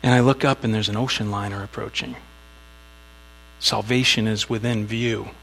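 Guy preaching, gravelly voice, chatty storytelling, faint hum behind him. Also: fairly low pitch, fairly even intonation, moderate pace, fairly bright tone, poor audio. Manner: storytelling with acted asides, conversational. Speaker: pastor. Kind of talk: sermon.

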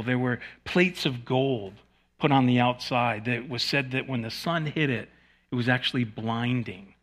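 A male pastor giving a teaching sermon to a congregation, his voice bright and forward. He talks informally, breaking off for small jokes at his own expense and restarting sentences as he thinks aloud. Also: medium pitch. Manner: conversational, joking asides, frequent restarts. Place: in front of a live congregation.

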